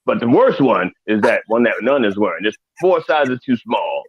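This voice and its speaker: A man's voice: medium pitch, big pitch swings, moderate pace, slightly rough, no room sound, muffled recording. A man playing a crude older reverend character, rambling and profane with preacher-like asides, in a studio. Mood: mixed. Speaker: comedic guest in character. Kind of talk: improvised comedy in character.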